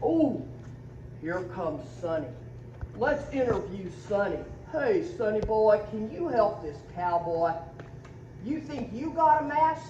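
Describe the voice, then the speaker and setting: A woman hosting a community video, talking in a teasing, animated way to a man and a set of stuffed toys. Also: mid-range voice, slow pace. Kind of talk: playful skit narration. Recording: echoey, dull, faint background noise.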